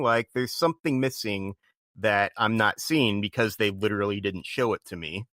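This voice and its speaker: A man guesting on a casual film review chat, thinking aloud in a musing, hedging way. His voice is bright and forceful, recorded close and dry. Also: on the low side, moderate pace, no room sound.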